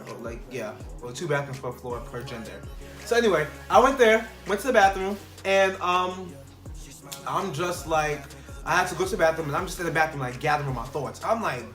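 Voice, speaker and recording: A young man telling a casual storytime vlog, animated and full of fillers, acting out the people in his story. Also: fairly high pitch. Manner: animated, quotes people in changed voices, many fillers. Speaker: vlogger. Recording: echoey room with faint music.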